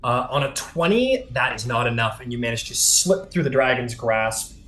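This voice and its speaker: A man's voice: mid-range voice, animated, moderate pace, bright, forceful tone, reverberant, low-quality recording. A man running a tabletop game as game master, narrating loosely with lots of fillers and the odd swear.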